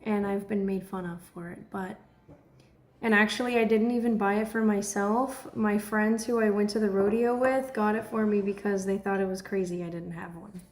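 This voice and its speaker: A woman's voice: mid-range voice, moderate pace, roomy sound. A woman, chatting casually on a livestream and laughing often. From Texas. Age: 20s. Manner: chatty, laughs often, breaks into excited shouts. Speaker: livestream host.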